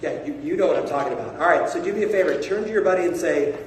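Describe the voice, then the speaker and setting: A man works a seminar crowd with a quick, energetic, coaxing delivery, and his voice sits a touch high. He is caught from deep in a large hall, so his speech rings with long echo. A faint hum of the room runs under it. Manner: energetic, rapid, coaxing the audience. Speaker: sales coach speaker. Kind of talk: motivational seminar talk. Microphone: far from a phone camera in the audience. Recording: echoey hall recorded from far off.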